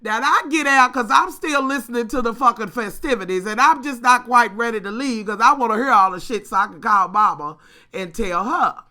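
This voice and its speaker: A woman vlogger talks casually to her viewers, swearing freely and staying animated throughout. Her voice is bright and forceful and sits a little high. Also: a little fast. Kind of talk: casual storytelling vlog.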